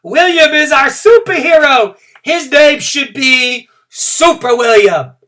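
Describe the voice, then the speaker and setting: A man reading a storybook aloud and voicing a bossy, excitable kindergarten girl who shouts her lines. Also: extremely high pitch, slow, far from the mic, voice pushed up, full character voice. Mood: excited shouting. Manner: loud exclamatory shouting.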